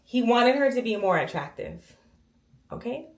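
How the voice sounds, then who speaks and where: A vlogger with a slightly high voice, big pitch swings and a somewhat slow pace tells her viewers a personal story while cleaning her bathroom. She's casual but emphatic, speaking straight to them and often checking in with "okay?", and the bathroom echoes.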